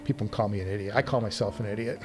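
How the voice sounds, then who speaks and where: A man's voice: fairly low pitch, very fast, over music. A man hosting a casual live stream. He reads viewer comments and rambles in a self-deprecating way, chuckling often. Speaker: livestream host.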